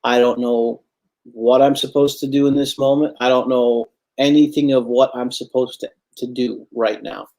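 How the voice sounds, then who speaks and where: A man's voice: medium pitch, steady tone, moderate pace, gravelly, darkish tone. A man giving a Friday sermon as imam, earnest and repetitive for emphasis, addressing his listeners as brothers and sisters.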